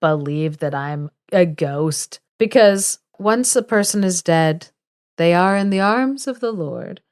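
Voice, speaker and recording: A woman's voice: fairly low pitch, lively intonation, slow pace, a little mellow, clear, resonant tone. Woman putting on a pleading man in a sheet. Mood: exasperated. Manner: pleading, exasperated. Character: desperate young man wrapped in a sheet.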